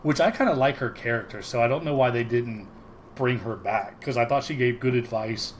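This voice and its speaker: A man's voice: mid-range voice, fairly quick, a little hiss or hum, poor audio. A man co-hosting a podcast, casually recapping a sitcom episode, rambling with many ums and frequent laughs. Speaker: podcast co-host.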